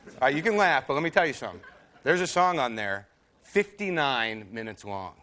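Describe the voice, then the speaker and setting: A man doing stand-up before an audience on a TV studio stage imitates the people he talks about. His mid-range voice is expressive and fairly quick. Background noise and audience laughter come through in the broadcast stage recording.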